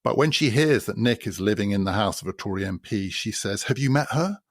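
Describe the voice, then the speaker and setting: A man hosts a podcast and talks through a novel in an explanatory way. His low voice has a gravelly fry, and he drives points home by repeating them. The sound is close and dry. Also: fairly quick, no room sound. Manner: explanatory, builds points by repetition. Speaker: podcast host. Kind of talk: spoken literary commentary.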